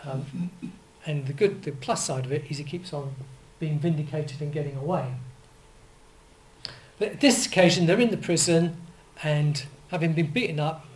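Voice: mid-range voice, moderate pace, rough recording. An older preacher, giving a conversational sermon full of asides and self-corrections.

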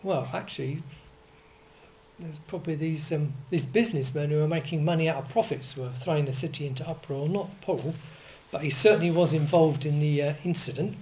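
An older preacher gives a sermon in a relaxed, conversational manner, his middle-pitched voice a little mellow and a little fast. He drifts into asides, restarts and small self-corrections. Faint background noise runs under the low-quality recording.

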